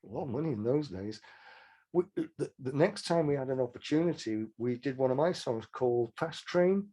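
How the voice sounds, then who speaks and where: Older man, husky voice, rambling anecdotes, self-deprecating, interview guest. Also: mid-range voice, animated, normal speed, warm tone. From England. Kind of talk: casual interview chat.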